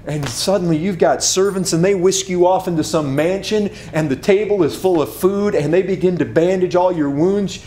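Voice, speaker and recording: A male pastor preaching a sermon and telling a vivid story, swinging from loud to hushed. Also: sits high, moderate pace, few pauses, roomy sound, slight background noise. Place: church sanctuary.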